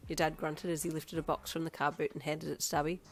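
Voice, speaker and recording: A woman narrating a second-person fanfiction story in a steady reading voice. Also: low voice, fast talker. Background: soft instrumental music.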